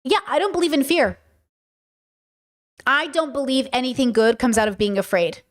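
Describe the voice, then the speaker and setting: A woman with a voice that sits high speaks at a moderate pace while hosting a podcast in casual livestream style. She answers chat questions frankly and checks in with listeners along the way.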